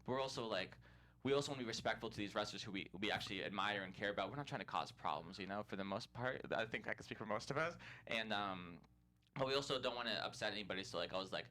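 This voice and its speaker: A male comedian tells a story on a podcast in a bright, tense voice. He is animated, laughs often and talks with plenty of fillers and restarts. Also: lowish voice, quick pace. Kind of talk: casual storytelling chat.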